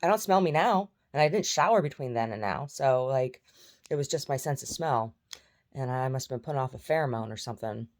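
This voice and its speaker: A woman's voice: a bass voice, fairly quick, a little mellow. A woman vlogging in a rambling, chatty way, jumping between topics. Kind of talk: casual chat.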